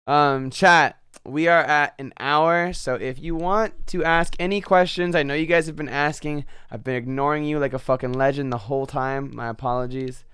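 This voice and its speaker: A man's voice: on the high side, fairly even intonation, moderate pace, hardly any pauses, fairly bright tone, smooth, no room sound, studio quality. A man hosting a casual livestream interview, laid-back and swearing now and then. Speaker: host of a livestream interview show. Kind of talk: casual chat.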